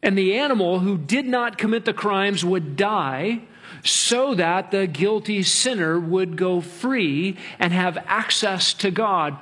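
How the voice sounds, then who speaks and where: High-voiced man preaching a sermon. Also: fairly bright tone. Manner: earnest preaching, stretches key words slowly. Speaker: pastor.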